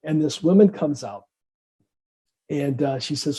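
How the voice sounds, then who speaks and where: A man's voice: a little high, normal speed, pauses often. A middle-aged man from the Midwest, a psychiatrist and interview guest, telling a story with acted-out dialogue. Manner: animated, acts out dialogue in different voices.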